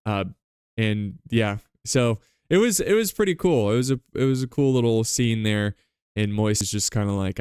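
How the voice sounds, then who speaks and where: A man's voice: lowish voice, expressive, normal speed, darkish tone, clean tone, no room sound, studio quality. A man hosting a podcast, recapping a book in a chatty, rambling, enthusiastic way. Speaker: podcast host. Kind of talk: casual book-club recap.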